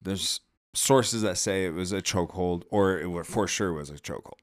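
A man's voice: sits low, moderate pace. A man co-hosting a podcast, reacting in casual chat with crude jokes. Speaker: podcast co-host.

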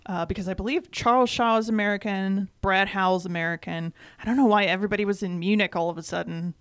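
Woman from michigan chatting on a podcast, smooth clear voice, dry close sound. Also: medium pitch, steady tone, fast talker, dry recording. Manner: thoughtful, explains at length. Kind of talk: casual chat. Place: North Carolina.

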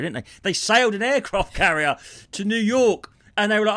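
This is a comedian in loose podcast chat, sweary and restless, jumping from story to tirade. His voice sits fairly high and lively, with a bright edge. The sound is close and dry. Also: fast talker, vocal fry, hardly any pauses, no echo. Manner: sweary, ranting, jumps between impressions and storytelling.

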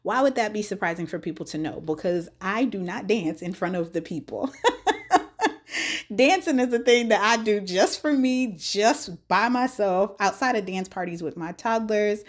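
A woman's voice: mid-range voice, animated, a little slow. A young woman hosting a casual solo podcast, sick with a cold and a scratchy throat, chatty and laughing often. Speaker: podcast host.

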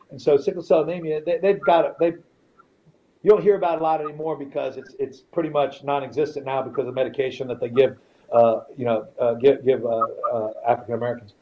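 Blunt, profane man with a slightly high voice. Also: lo-fi sound, a little hiss or hum. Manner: profane, blunt, repeats himself while telling a story. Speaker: podcast guest, retired fighter. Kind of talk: casual storytelling.

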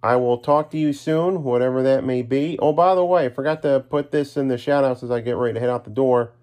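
A man signs off his own podcast with a long run of shout-outs. He rambles, trips over his words and pokes fun at himself, dropping casual asides along the way. His voice sits at an ordinary middle pitch. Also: fairly even intonation, fairly quick. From New York's Capital Region. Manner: rambling, self-deprecating, offhand asides. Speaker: podcast host.

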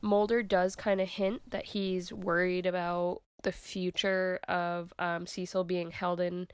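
A woman's voice: on the low side, flat delivery, measured pace, clear, resonant tone, dry recording. A woman co-hosting a podcast, casually recapping a TV episode in a chatty, filler-heavy way. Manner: chatty, filler-heavy retelling with 'like' and 'um'. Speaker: podcast co-host.

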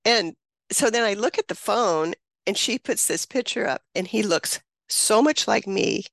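A woman in her seventies speaks as an interview guest, with a gravelly, creaky edge to her voice. She tells a personal story with feeling, laughing often and acting out the people she quotes. The sound is dry and close, with no room echo. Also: mid-range voice, animated, measured pace, fairly bright tone.

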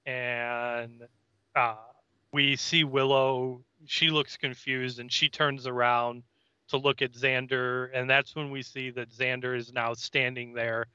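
A man's voice: mid-range voice, little pitch movement, slow pace, pushed and bright, clear, resonant tone, no room sound, dull audio. A man co-hosting a podcast, chatting casually as he recaps an episode and acts out the characters' lines. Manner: retells scenes, acting out character lines. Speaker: podcast co-host.

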